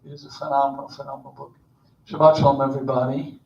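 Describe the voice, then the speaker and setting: A man's voice: medium pitch, fast talker. An older man, a rabbi, giving an informal, joking sermon, telling the story with animation and acting out the characters' lines. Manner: storytelling, jokey, animated, acts out voices. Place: synagogue sanctuary. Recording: roomy, distant, dull recording.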